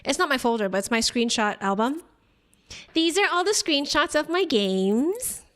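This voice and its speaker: A woman's voice: sits high, big pitch swings, moderate pace, a bit bright. A woman streamer chatting casually with her viewers, addressing them by name and laughing often. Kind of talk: casual live-stream chat.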